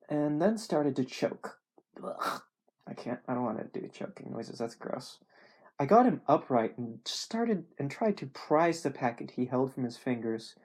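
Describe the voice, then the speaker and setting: Hobby reader, airy and husky, casual read-aloud with rambling asides. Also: medium pitch, a little mellow. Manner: self-deprecating, chatty asides.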